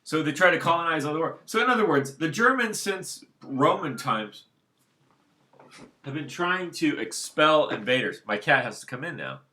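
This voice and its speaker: A man's voice: on the high side, animated, moderate pace, sharp tone. A man talking alone at home in a casual, unscripted monologue, rambling and circling back to his points. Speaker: solo commentator.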